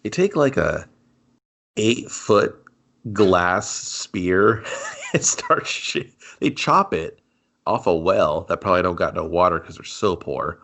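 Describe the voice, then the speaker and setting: A man whose voice rises and falls a lot as he trades sarcastic jokes about a movie. Casual, quick banter with a co-host. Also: sits low, lively intonation, gravelly, a bit bright. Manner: joking, sarcastic riffing. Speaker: podcast co-host. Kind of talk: casual movie review chat.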